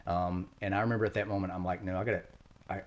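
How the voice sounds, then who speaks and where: A middle-aged man, a retired Marine, telling war stories quickly in an interview, acting out quotes. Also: low voice. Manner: fast, animated war storytelling with acted quotes. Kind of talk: storytelling interview.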